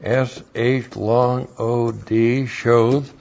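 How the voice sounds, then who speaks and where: A man's voice: mid-range voice, level tone, very slow, creaky, a little mellow. A man teaching the Bible verse by verse, spelling out words letter by letter and repeating his points for emphasis. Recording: dull lo-fi recording.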